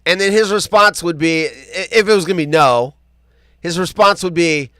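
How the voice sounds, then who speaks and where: A man's voice: sits high, fairly quick, clean tone, no echo. A man hosting a live show, chatting casually, joking and reading viewer comments aloud. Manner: animated, joking, reads chat comments aloud. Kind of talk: casual live-stream chat.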